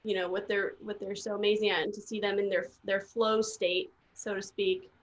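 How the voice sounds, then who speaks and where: A woman's voice: mid-range voice, moderate pace, poor audio. Gushing woman host on a video call. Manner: warm, gushing, excitable. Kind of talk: casual chat on a video call.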